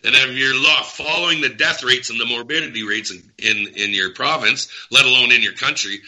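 A man speaks in a bright, sharp-edged voice, agitated and emphatic. He hammers his points home and repeats them, in the manner of a heated talk show rant. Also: medium pitch, fairly quick, poor audio. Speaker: guest.

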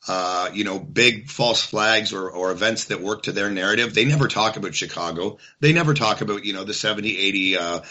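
A man speaking as a guest in a casual political talk, in a measured, somewhat hesitant way with pauses. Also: fairly low pitch, pushed and bright.

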